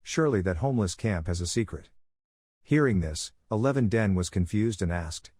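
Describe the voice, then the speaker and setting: A man narrates a comic story recap at a steady pace. His voice sits fairly low. The recording is dry and close, with no room sound. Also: moderate pace, slightly rough, no echo.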